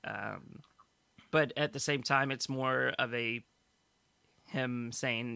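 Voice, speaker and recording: A man's voice: medium pitch, steady tone, slow, gravelly, long pauses, bright, forceful tone, smooth, no room sound. A man co-hosting a casual fan podcast, summarizing news stories and laughing easily. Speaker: podcast co-host.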